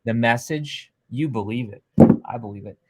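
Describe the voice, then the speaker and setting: A man hosting a live stream interview, talking with energetic, salesy push and repeating himself. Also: medium pitch, normal speed, slightly rough. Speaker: host.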